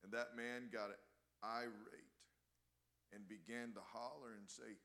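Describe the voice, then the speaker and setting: A man preaching a sermon, impassioned, often swelling louder on key words and restarting his phrases. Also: mid-range voice, steady tone, a little slow.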